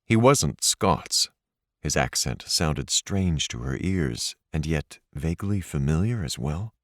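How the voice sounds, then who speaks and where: Slow, expressive male audiobook narrator. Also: a bass voice, no echo, studio quality. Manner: measured, expressive reading. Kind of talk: scripted narration.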